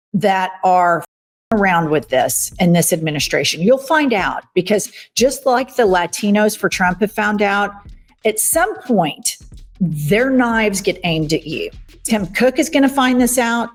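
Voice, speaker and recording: A woman podcast host giving emphatic, urgent political commentary. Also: fairly low pitch.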